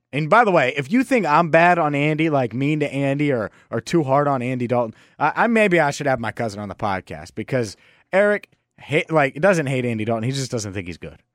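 A man's voice: medium pitch, animated, moderate pace, no echo. A young man talks loosely into a close, dry mic, hosting his own podcast. He rambles and restarts sentences often. His voice sits in an ordinary middle register. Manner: rambling, with frequent restarts and fillers. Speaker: podcast host. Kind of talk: casual solo podcast talk.

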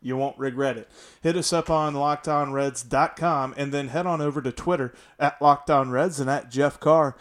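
A man's voice: on the high side, steady tone, normal speed. Upbeat chatty male podcast host. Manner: chatty, upbeat, self-deprecating. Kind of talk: casual solo sports podcast monologue.

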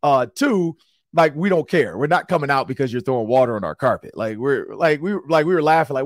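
A man hosting a sports talk show, telling a story in casual podcast style, animated and slangy. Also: medium pitch, a little fast, no echo, studio quality. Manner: animated, acts out quotes in slangy banter.

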